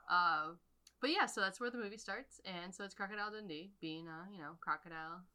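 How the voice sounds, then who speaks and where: A woman's voice: on the low side, a little fast, pushed and bright. A young woman co-hosting a podcast, recapping a movie in casual chat with lots of fillers and laughs. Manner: rambling, laughs often, many fillers. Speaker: podcast co-host.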